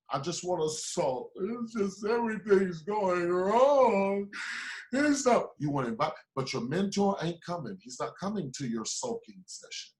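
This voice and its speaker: A man, a business mentor, giving a motivational speech in a preachy, repetitive way, swinging between loud urging and low asides.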